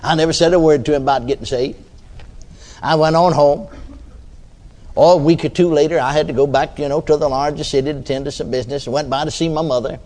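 A man's voice: a little high, steady tone, fairly quick, darkish tone. An older man preaching a sermon in a folksy storytelling way, often adding amens and hallelujahs.

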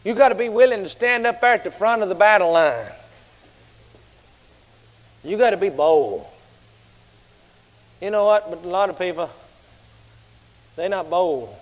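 A man preaching a fiery sermon, shouting at times and telling stories in a colloquial way. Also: high voice, expressive, unhurried, pauses often. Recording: large hall with long reverb.

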